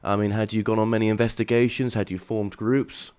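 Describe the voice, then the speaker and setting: A man's voice: fairly low pitch, level tone, brisk, a little mellow, smooth. A man asking interview questions, hesitant and repeating his words.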